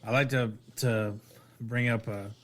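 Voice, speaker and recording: A man's voice: medium pitch, fairly even intonation, a little slow. A man co-hosting a podcast, telling a story in casual chat with many restarts. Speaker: podcast co-host.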